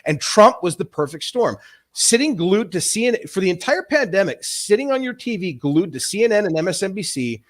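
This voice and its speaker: A man in his forties chats loosely on a livestream, circling back and restarting his sentences as he goes. His pitch sits a little on the high side, and he swears casually. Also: big pitch swings, fairly quick. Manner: rambling, restarts often, swears freely. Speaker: stream host.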